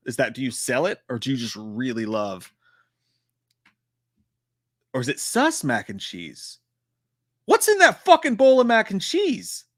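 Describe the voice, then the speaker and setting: A man hosting a live stream, chatting casually and profanely about horror trailers with a joking, animated manner. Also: mid-range voice, no room sound, clean studio sound.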